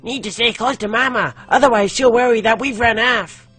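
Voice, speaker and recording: A man voicing a timid young village boy in a video game, in a breathy falsetto. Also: moderate pace, fairly bright tone, soft background music, heavily acted.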